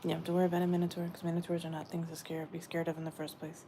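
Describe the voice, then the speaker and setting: Woman, channeled spiritual talk, gentle and meandering, repeats herself, slightly low voice. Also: monotone, very fast, slight background noise.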